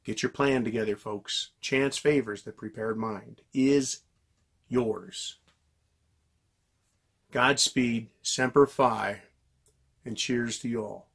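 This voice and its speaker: A man delivering a heated, profanity-laced monologue to his viewers, yelling and venting. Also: medium pitch, fairly even intonation, takes it slowly, creaky, pauses often, husky. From United States. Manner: yells and vents angrily, heavy swearing. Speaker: political commentary vlogger.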